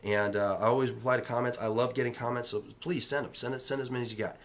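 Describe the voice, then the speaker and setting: A man's voice: medium pitch, fairly even intonation, fast talker, slight background noise. A man in real estate speaking in a casual vlog, giving emphatic, repetitive motivational advice in a coaching tone.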